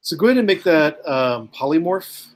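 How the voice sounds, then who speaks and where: A man's voice: on the high side, sing-song, normal speed. A man running a tabletop game as game master, rambling with many ums and uhs.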